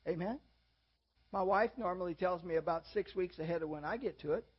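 A man's voice: high voice, a little fast, slightly rough. An older man preaching a sermon in a folksy, self-deprecating way, with sudden emphatic rises. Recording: dull lo-fi audio.

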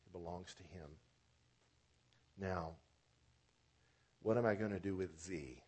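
A man pastor preaching a sermon with animated delivery, swinging from loud emphatic lines to soft near-spoken ones, fond of wordplay and repetition. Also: low-pitched, takes it slowly, husky.

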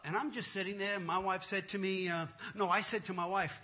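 A man telling a comic personal testimony in an animated, self-mocking way, often laughing at himself. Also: sits high, a little fast.

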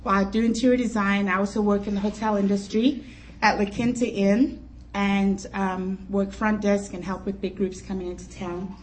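A woman's voice: medium pitch, normal speed. A woman in her fifties, a pastor's wife, telling playful, chatty, funny stories from her life at a conference luncheon. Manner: animated, playful, chatty storyteller. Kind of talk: humorous personal storytelling talk. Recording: echoey hall, voice from far off, faint crowd and noise.

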